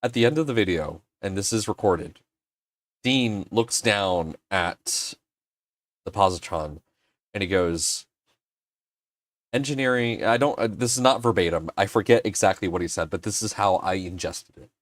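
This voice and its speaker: A man's voice: deep voice, moderate pace, no echo. A man hosting a livestream, telling an emotional story in a casual way, swearing now and then and getting choked up. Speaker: livestream host.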